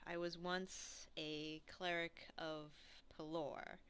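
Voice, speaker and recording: A woman voicing a solemn undead knight in armor, a former cleric, with a deep, echoey voice and a halting delivery. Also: little pitch movement, pushed and bright, clean tone.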